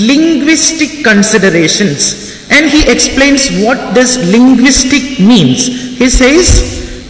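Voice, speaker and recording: A man's voice: very high voice, a bit bright, a little hiss or hum. A man giving a classroom lecture on literary theory, repeating phrases and spelling out words for his students. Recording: echoey hall, voice from far off, faint ambience.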